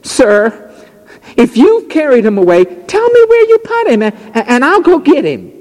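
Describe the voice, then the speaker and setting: A man putting on a high, pleading grieving woman. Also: huge pitch swings, measured pace, big-room sound, full character voice, poor audio. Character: pleading grief-stricken woman at a tomb.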